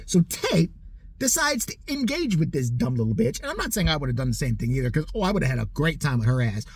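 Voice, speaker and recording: Man, forties, husky, lively swings in pitch; foul-mouthed mocking comic rant. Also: brisk, no room sound. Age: 40s. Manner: profane, mocking, heated. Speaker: comedic ranter. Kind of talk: profane comedic rant.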